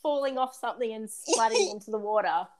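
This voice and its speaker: A woman's voice: fairly high pitch, animated, fast, crowd noise. A woman guest in a playful casual chat, giggly and rambling, often repeating her words.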